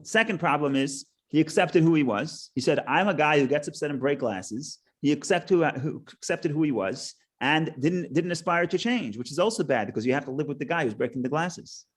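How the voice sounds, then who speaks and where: A man's voice: a little high, animated, a little fast, few pauses. A middle-aged man teaching a Torah class in a casual, conversational way, restarting phrases and telling a joke. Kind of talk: casual lecture with stories and a joke.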